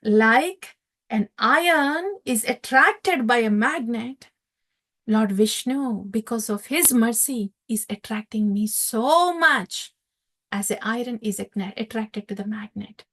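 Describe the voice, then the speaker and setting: A woman's voice: a little high, lively intonation, takes it slowly, fairly bright tone, heavily acted. A woman voicing a devout young boy who speaks earnestly and emphatically.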